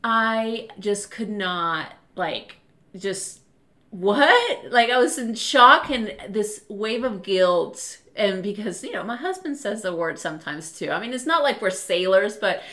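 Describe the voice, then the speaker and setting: Bright-voiced woman telling stories slowly. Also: mid-range voice. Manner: animated, laughs often while telling stories. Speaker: podcast host. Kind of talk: casual storytelling chat.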